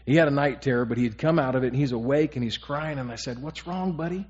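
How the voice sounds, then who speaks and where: A man's voice: medium pitch, fairly even intonation, fast, a little mellow, muffled recording. A man pastor leading a Bible study in an earnest, sermon-like way, repeating key phrases and checking in with his group. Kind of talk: sermon-style Bible teaching to a small group.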